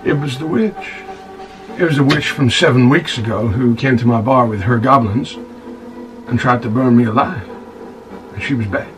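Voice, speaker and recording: An actor playing a rough, self-pitying bar-owner scoundrel, stammering and repeating words as he tells his woes to "son". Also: medium pitch, normal speed, distant mic, music in the background, natural voice, low-quality recording. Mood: aggrieved. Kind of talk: monologue in a comedy-drama web series.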